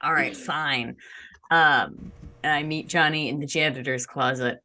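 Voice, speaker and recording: A woman playing a tabletop game, talking in a brisk, insistent way. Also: sits low, fairly even intonation, bright, forceful tone. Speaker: player. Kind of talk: casual tabletop game play.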